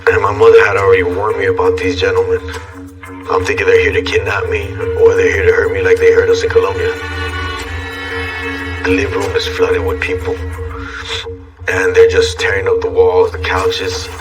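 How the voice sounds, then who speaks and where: A man giving a reflective, measured documentary interview recollection. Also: deep voice, monotone. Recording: distant mic with music underscore.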